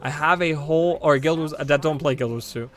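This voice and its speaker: A man's voice: fairly high pitch, brisk, fairly bright tone. A man streaming a game live, rambling to his viewers with bursts of delighted exclamations and casual swearing. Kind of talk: casual live gameplay commentary.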